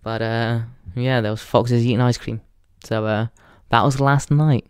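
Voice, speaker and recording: Crude rambling English podcaster. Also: male voice, mid-range voice, fairly even intonation, measured pace, clear, resonant tone, dry recording, clean studio sound. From England. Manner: crude, rambling, laughs at his own jokes. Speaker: podcast host. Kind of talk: casual comedic monologue.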